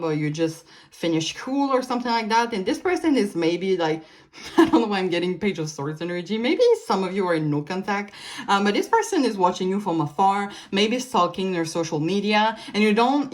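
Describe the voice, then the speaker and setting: Woman reading tarot cards. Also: medium pitch. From Canada. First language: French. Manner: meandering, many fillers and restarts, light laughs. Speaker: tarot reader. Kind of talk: casual pick-a-card tarot reading.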